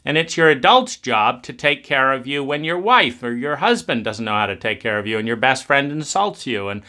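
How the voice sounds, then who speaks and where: A man's voice: medium pitch, sing-song, normal speed, sharp tone. A man giving a reflective spoken talk, rambling with many restarts.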